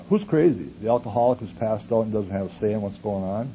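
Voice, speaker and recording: A man from Wisconsin telling his personal story at a recovery conference, speaking earnestly and asking rhetorical questions while his voice swings from loud to hushed. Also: fairly low pitch, lively intonation, fairly quick. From Superior, Wisconsin. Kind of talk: personal testimony talk. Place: conference hall with audience. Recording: dull lo-fi tape recording with faint hiss.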